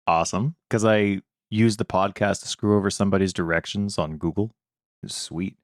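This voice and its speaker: A man's voice: low voice, steady tone, a little fast, no room sound, studio quality. A man co-hosting a gaming podcast, goofy and teasing in casual chat. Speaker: podcast co-host.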